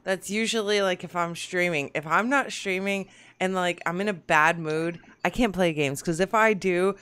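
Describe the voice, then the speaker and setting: Smooth-voiced bubbly woman hosting. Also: lowish voice, a bit bright. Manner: bubbly, quick to tease. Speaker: podcast host. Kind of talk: casual gaming podcast chat.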